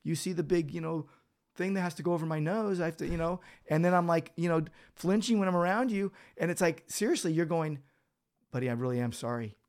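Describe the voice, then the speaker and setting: Man, pastor, lively Bible chat. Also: high voice, quick pace. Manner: animated storytelling, acts out quoted speech. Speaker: pastor and podcast host. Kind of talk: casual Bible discussion.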